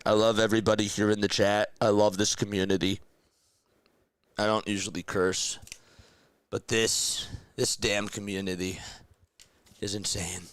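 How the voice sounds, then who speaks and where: A young man calling baseball play-by-play on a live charity stream through a headset, loudly thanking donors and then speaking softly and emotionally. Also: fairly low pitch, measured pace, pauses often, clear, resonant tone, no echo. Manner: excitable, shouts thanks to donors, turns emotional and quiet.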